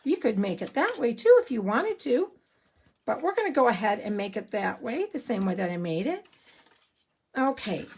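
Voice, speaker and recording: A woman giving a live card-making tutorial, chatty and excitable, rambling a little as she works. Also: fairly high pitch, normal speed, husky.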